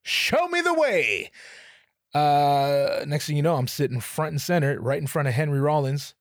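A young man hosting a podcast, telling a casual, profane, self-mocking story, his voice jumping up in pitch for his own quoted reactions. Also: fairly even intonation, moderate pace, a little mellow, no echo, studio quality. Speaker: podcast host.

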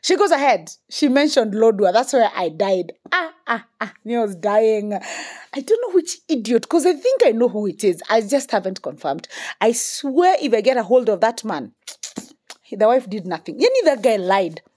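A woman's voice: on the high side, normal speed. A young woman with a Kenyan accent telling a story in a casual monologue, emphatic, swearing freely and repeating words for emphasis. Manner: animated, emphatic, mixing English with Swahili slang.

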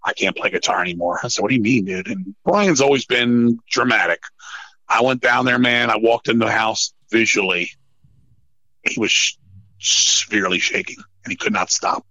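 A middle-aged man telling stories in a casual podcast chat, swearing often and rambling in an animated way. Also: mid-range voice, normal speed, dry recording, highs cut off. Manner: profane, animated, rambling storyteller. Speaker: podcast guest, metal musician.

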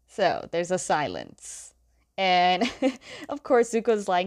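A woman's voice: lowish voice, wildly swooping pitch, takes it slowly. A young woman casually recapping a comic story, chatty, laughing often and leaning on "like.".

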